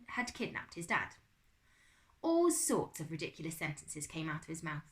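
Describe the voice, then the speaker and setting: A woman teacher reading a children's novel aloud to her class, with expressive storytelling. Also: lowish voice. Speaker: primary school teacher.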